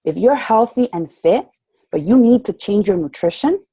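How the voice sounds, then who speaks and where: A woman's voice: medium pitch, animated, normal speed, dark tone, breathy edge, no room sound, rough recording. Passionate woman leading a group call. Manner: passionate, preacherly, acts out dialogue. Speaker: group leader speaking to her members. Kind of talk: motivational talk on a group call. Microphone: call audio.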